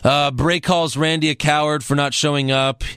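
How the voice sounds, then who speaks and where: A man's voice: fairly high pitch, fairly even intonation, moderate pace, a bit bright, smooth, no echo, clean studio sound. A man co-hosting a wrestling podcast, recapping shows in casual, sarcastic chat and often laughing.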